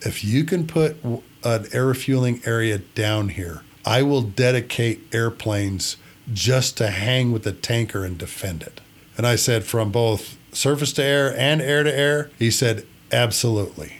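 A man's voice: medium pitch, unhurried. A middle-aged man hosting a podcast, telling a long story in a folksy way and acting out the dialogue as he goes. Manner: folksy, acts out dialogue while retelling it. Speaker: podcast host and retired air refueling planner. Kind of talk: storytelling monologue.

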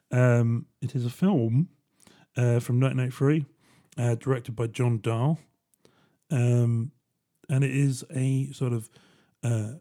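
A man's voice: medium pitch, dark tone. A man hosting a solo podcast, talking in a casual, joking, rambling way and often checking in with "right?". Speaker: podcast host.

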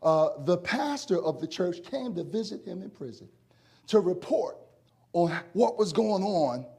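A man preaching a sermon, telling a homey story and then building to loud, emphatic preaching. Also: high-pitched, lively intonation, unhurried, breathy edge. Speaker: pastor.

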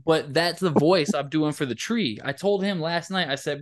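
A fairly high-voiced man tells rambling stories in a loose, casual podcast chat. He swears freely and keeps an animated, joking energy. The delivery is conversational and easygoing. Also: moderate pace, a crowd in the background. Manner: profane, animated storyteller. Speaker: podcast host.

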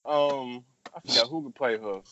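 A man's voice: mid-range voice, fairly quick. Young guy co-hosting, rambly, keeps restarting, kinda muffled lo-fi audio. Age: young adult. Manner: rambling storyteller, restarts and repeats words. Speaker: podcast co-host. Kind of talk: casual chat. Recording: dull lo-fi sound.

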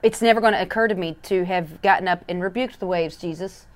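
A woman co-hosting a casual faith podcast into a studio mic, acting out scenes with many restarts. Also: lowish voice. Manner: animated, acts out scenes, quick restarts. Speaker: podcast co-host. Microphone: studio microphone.

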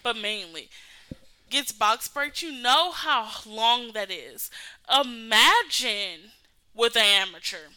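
A young woman co-hosting a casual podcast, teasing and laughing often. Her voice is very bright and on the higher side. Her pitch swings widely as she talks. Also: lively intonation, slow pace, clear, resonant tone, rough recording. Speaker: podcast co-host. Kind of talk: casual chat.

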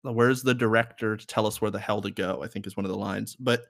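A man's voice: on the low side, fairly even intonation, fast talker, vocal fry, fairly bright tone, dry recording, clean studio sound. A young man co-hosting a podcast in casual chat, rambling and laughing often. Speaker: podcast co-host.

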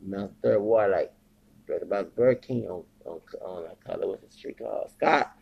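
A man with a gravelly, husky voice rants through an agitated, profanity-laced podcast monologue. He circles back and repeats himself as he goes. The recording sounds dull and lo-fi. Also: on the low side, normal speed. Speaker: podcast host. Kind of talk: rambling casual monologue.

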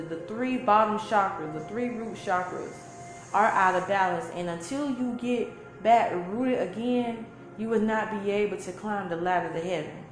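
A woman, giving an emphatic, preachy spiritual talk full of repeated phrases. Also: mid-range voice. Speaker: spiritual teacher. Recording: echoey room with faint music.

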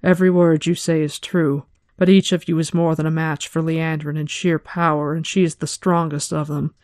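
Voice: medium pitch, no echo, studio quality, close to an everyday voice. A reader doing a cool, commanding woman leader. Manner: calm and commanding. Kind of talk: reading a novel aloud.

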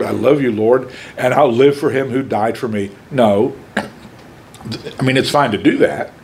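Male pastor, unhurried emphatic sermon, voice swinging up and down. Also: fairly low pitch, slight background noise. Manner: animated, emphatic preaching with pauses. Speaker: preacher.

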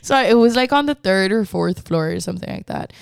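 A young woman, telling a story in casual chat, animated and swearing, peppering her talk with "like". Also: medium pitch, brisk, vocal fry, clean tone, dry recording, studio quality. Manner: animated, swearing, heavy use of "like", slips into Spanish.

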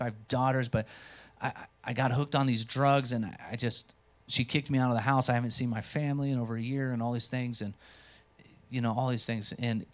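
In a mid-range voice, a young adult pastor delivers a sermon that centers on a story from his own life. He voices the characters' lines and alternates between soft asides and loud bursts.

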